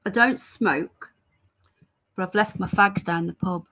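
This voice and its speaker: A British woman chats through a casual livestream into a webcam or phone mic, her voice at a middling pitch. She rambles from one thought to the next and answers viewer comments one by one. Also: measured pace, sharp tone. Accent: British English. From Britain. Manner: chatty, rambling, answers chat messages as they come. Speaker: livestream host.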